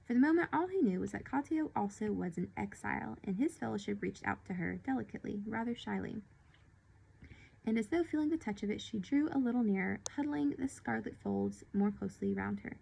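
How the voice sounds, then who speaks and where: A woman reading a novel aloud in an unhurried way, now and then stumbling and correcting herself. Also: medium pitch, animated, gravelly, dark tone, husky, rough recording. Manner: unhurried, occasional slips and restarts. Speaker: reader of a children's novel. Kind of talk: read-aloud storytelling.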